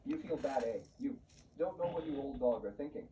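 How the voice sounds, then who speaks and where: A flat male voice reading a bitter, self-pitying mother-in-law. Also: medium pitch, brisk, echoey room, close to an everyday voice. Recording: muffled, distant, faint hiss.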